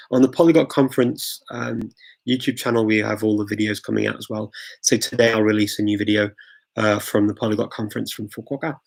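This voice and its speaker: A man's voice: medium pitch, vocal fry, husky, low-quality recording. A man from England hosting a live Q&A, chatting casually and enthusiastically, full of ums and restarts. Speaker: host of a live Q&A. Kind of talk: casual livestream chat answering viewer questions.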